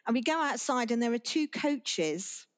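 A woman's voice: on the high side, expressive, moderate pace. Woman telling a rambling anecdote. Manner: rambling anecdotal storytelling with restarts and laughs. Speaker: podcast guest. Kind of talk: casual interview chat.

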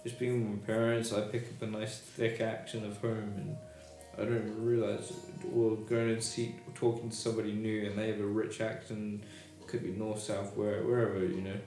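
Host: British man, chatty storyteller, fairly low voice, echoey room with music behind. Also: normal speed, few pauses. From Britain. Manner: lively, storytelling, asks questions. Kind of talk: casual chat.

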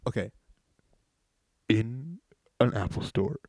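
A man's voice: on the low side, lively intonation, slow, darkish tone, breathy edge, no echo. A man hosting and narrating an improvised comedy sketch, explaining characters in a rambling way with many restarts. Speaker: host setting up an improv sketch. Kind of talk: casual chat and sketch narration.

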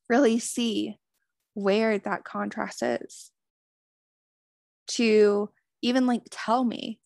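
A woman's voice: mid-range voice, a little mellow, dry recording, clean studio sound. A woman giving a motivational self-help talk as a spiritual wellness host, earnest, swearing freely and repeating affirmations.

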